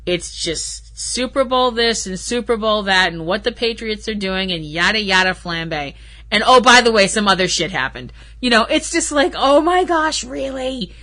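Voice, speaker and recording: A woman's voice: medium pitch, lively intonation, moderate pace, pushed and bright. A woman hosting her own podcast, talking in a rambling, chatty way with sarcastic asides. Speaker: podcast host. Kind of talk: casual solo podcast chat.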